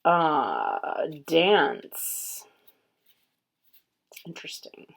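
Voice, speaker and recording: Host read: woman, lowish voice, very slow, casual unboxing chat with quiet murmured asides. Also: wildly swooping pitch, vocal fry. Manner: unhurried, murmurs card names aloud, admiring. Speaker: tarot reader and channel host.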